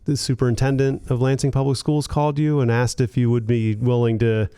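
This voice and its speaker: A male host with a smooth, clear voice of ordinary pitch asks his guest questions in a friendly way and chimes in with quick agreement. The recording sounds dry and close. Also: flat delivery, warm tone, no room sound. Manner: friendly, brief affirmations. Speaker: interview host. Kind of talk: interview questions.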